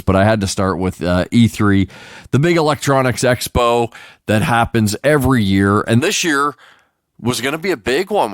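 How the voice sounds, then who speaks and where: A man's voice: lowish voice, no room sound, clean studio sound. Profane joking male show host. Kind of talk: casual comedic news roundup.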